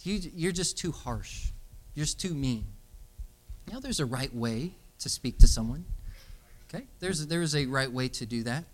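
A young adult man preaching a sermon. He tells stories and then builds to emphatic calls to stand up for what is right. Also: mid-range voice. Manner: storytelling, animated, emphatic exhortation.

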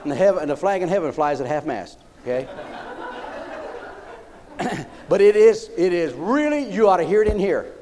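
Against a noisy background, a man preaches at normal speed with long pauses. His folksy, animated sermon is delivered in a voice high for a man that swings widely in pitch, and he keeps checking in with the congregation.

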